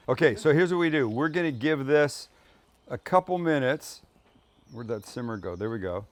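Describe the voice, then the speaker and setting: A middle-aged man hosts a cooking show in a relaxed, chatty way, explaining each step as he cooks. His voice sits at an ordinary male pitch, and he keeps it upbeat and jokey. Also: moderate pace, no echo. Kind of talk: casual cooking demonstration.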